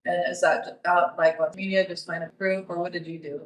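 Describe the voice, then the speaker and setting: Woman, podcast host, supportive, slightly low voice, echoey distant sound. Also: little pitch movement, brisk. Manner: supportive, faith-focused, with short affirmations. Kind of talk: casual interview. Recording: roomy, distant mic.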